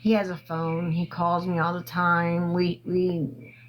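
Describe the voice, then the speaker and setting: A woman hosting a casual livestream, telling a long story into her phone in a rambling, halting way with lots of fillers and swearing. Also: fairly low pitch, monotone, slight background noise, rough recording. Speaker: livestream host.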